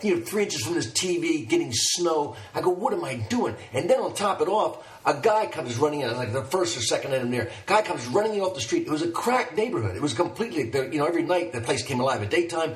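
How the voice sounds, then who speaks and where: A male comedian telling stories in a casual, animated and profane way. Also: a little high, fast talker, hardly any pauses. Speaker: stand-up comedian. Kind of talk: casual storytelling chat. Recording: echoey room, far from mic.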